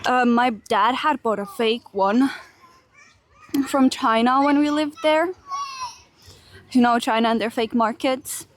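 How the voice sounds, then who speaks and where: A chatty young woman from Finland, talking loosely to her stream chat as she strolls outdoors with a phone in hand. Her voice sits a little high and she laughs easily between remarks, in an open-air, phone-mic sound. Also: takes it slowly, long pauses, slight background noise. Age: young adult. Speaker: IRL streamer. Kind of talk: casual livestream chat while walking. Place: outdoors in a park. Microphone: handheld phone camera.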